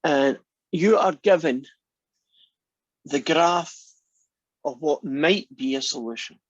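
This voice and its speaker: A Scottish man lecturing a math class in a chatty, joking way, with ums and pauses. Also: a little high, dry recording, dull audio. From Scotland. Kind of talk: university lecture.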